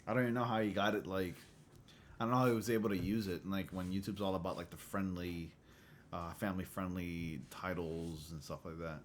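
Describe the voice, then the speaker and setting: A man hosting a casual livestream chat, loose and profane, who often clears his throat. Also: deep voice, fairly even intonation, a little fast, slight background noise. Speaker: livestream host.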